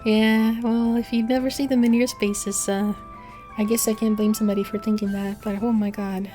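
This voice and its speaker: A woman's voice: mid-range voice, flat delivery, moderate pace, dark tone, soft background music. A woman VTuber chatting casually on a livestream, rambling and swearing often, laughing between thoughts. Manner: rambling, profane, frequent laughs. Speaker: VTuber streamer.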